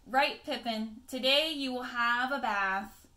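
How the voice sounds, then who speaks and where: A woman voicing Mabel, a storybook woman calling and scolding her muddy dog, a little higher than her narration. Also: takes it slowly, pushed and bright.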